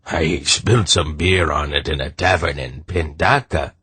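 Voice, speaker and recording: A man's voice: very deep voice, a little slow, sharp tone, husky, no echo, exaggerated voice. A man voicing a rangy, easygoing merchant who talks in an offhand, chatty way. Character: rangy, easygoing male merchant, shrewd and talkative.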